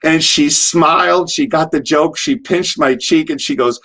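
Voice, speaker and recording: This older man, a retired wrestler, barrels through a rambling interview story with hardly any pauses, impersonating the people in it. His voice is a little high and a little slow, bright and forceful.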